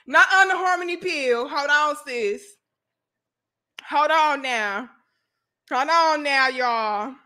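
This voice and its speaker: A woman host with a St. Louis accent giving loose livestream commentary, profane and animated, laughing often and answering viewer comments. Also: high voice, slow, pauses often. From St. Louis, USA.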